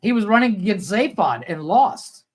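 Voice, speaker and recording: Animated man laughing through movie commentary. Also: sits high, moderate pace, breathy edge. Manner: amused, laughs often while describing scenes. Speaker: co-host. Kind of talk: casual movie commentary on a live stream.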